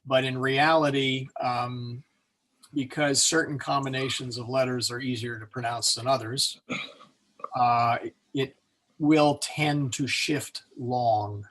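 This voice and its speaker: A man leads a Latin class over a computer mic, thinking aloud and correcting himself as he goes. His pitch sits in the middle range, and he chuckles at his own small slips. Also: fairly even intonation, slow, fairly bright tone. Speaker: Latin teacher. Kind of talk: online class lecture.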